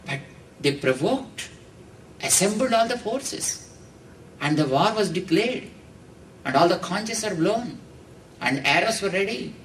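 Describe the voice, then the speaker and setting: An Indian man, a spiritual teacher, gives a religious discourse in Indian English, speaking slowly in an explaining manner. His voice is high-pitched and a bit bright with lively intonation, and he chants Sanskrit verses and says "you know" often. The distant mic picks up faint background noise.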